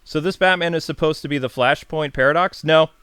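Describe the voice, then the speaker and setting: A man's voice: a little high, brisk, fairly bright tone, clear, resonant tone, no echo. A man hosting a casual video channel, chatting enthusiastically and answering viewer questions with frequent fillers and self-corrections. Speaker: YouTube host.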